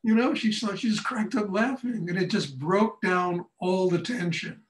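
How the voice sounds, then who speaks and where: An older man teaching a meditation class, telling stories in a blunt, animated way, often breaking into laughter. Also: sits high, moderate pace, slight background noise. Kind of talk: storytelling lecture. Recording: echoey room, far from mic.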